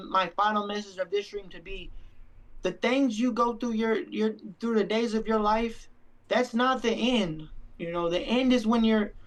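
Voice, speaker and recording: A man's voice: sits high, rough recording. A young man and stream co-host, talking earnestly and sincerely in a heartfelt casual chat, often repeating himself. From Mexican-American.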